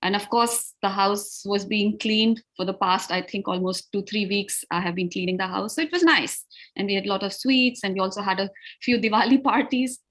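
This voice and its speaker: A woman's voice: mid-range voice, normal speed, a bit bright. A woman with an Indian accent teaches spoken English on a live video call. She is patient and encouraging, and moves freely between English and Hindi as she explains. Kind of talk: live online teaching session. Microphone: video call over Wi-Fi.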